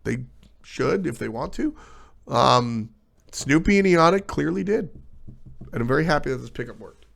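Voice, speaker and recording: A man's voice: on the high side, normal speed, creaky, pauses often. A man hosting a casual livestream talk show about esports, talking bluntly and with swearing as he riffs and answers chat. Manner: animated, blunt and profane, riffing to chat.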